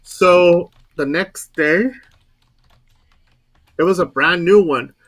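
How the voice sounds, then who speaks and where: Man, somewhat high voice, bright tone, rambling repetitive storytelling. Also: slow pace. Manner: repetitive, rambling retelling with quoted dialogue. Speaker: guest storyteller. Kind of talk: casual storytelling.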